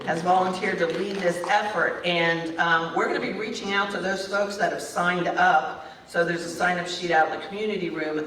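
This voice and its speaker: Speaking on the low side but with a fairly bright tone, this practitioner makes upbeat, enthusiastic, casual announcements at a church meeting hall. Her voice is picked up by a distant mic in an echoey room, with a bit of background noise.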